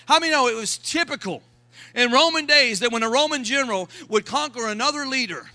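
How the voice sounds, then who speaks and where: A man preaching a sermon as pastor, shouting lines and calling for responses from the congregation. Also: very high-pitched, lively intonation, brisk.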